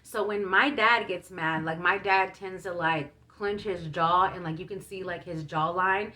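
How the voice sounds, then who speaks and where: A woman's voice: lowish voice, a little slow, pushed and bright. A young woman vlogger telling a personal story in a casual, chatty way, full of fillers and feeling. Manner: chatty, many fillers, emotional retelling.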